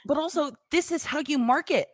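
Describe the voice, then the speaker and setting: A woman's voice: high voice, fairly quick, slight background noise. A woman co-hosting a casual podcast who explains things earnestly and swears now and then. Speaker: podcast co-host. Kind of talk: casual chat.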